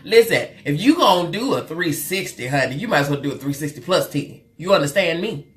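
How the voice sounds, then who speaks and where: A woman hosts a live stream from her webcam, chatting with her viewers. Her voice sits a little low, but it jumps up and down a lot as she goes. She is lively and talky, and she calls people girl and honey. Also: a little fast, soft background music. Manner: loud, expressive swings in pitch. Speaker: live show host and therapist.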